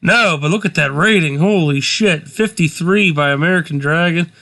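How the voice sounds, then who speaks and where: A man's voice: a little high, moderate pace, bright, forceful tone. A man co-hosting a casual game commentary, laid-back and blunt as he reads out match results. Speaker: let's play co-host.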